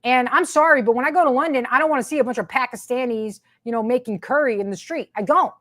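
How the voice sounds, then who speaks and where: Host, female, high voice, indignant sarcastic rant with hammering repetition. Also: fast, fairly bright tone. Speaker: commentary host. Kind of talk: ranting political commentary.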